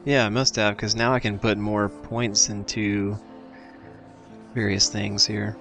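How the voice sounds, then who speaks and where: A man talks slowly through his gameplay, casual and self-deprecating, thinking aloud as he goes. His voice sits a little low, and faint game music plays behind him. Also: flat delivery, gravelly. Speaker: let's play host.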